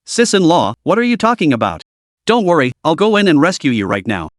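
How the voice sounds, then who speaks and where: Guy voicing a sneaky young man, fake-urgent, pleading, lively up-and-down pitch, dry close sound. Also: a little fast, no room sound. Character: scheming young man feigning urgent loyalty.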